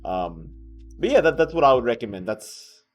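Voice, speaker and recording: A tired man chatting casually on a podcast, rambling with lots of restarts and a curse word now and then. His voice sits at an ordinary middle pitch, with faint music playing behind him. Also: sing-song, moderate pace. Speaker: esports caster and podcast co-host. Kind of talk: casual chat. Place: hotel conference room.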